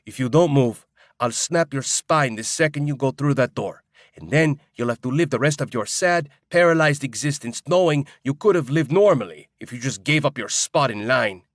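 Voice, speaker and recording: A man's voice: on the high side, animated, normal speed, dry recording, studio quality, voice pushed up, lightly acted. A male narrator playing a hot-tempered, desperate young man with a strange accent, curt and threatening. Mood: angry.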